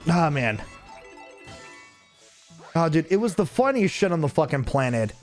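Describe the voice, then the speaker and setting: Male streamer, casual storyteller, profane and animated, slightly raised pitch, light music underneath. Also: a little slow. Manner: profane, laughing, animated venting. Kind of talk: casual gameplay commentary with storytelling.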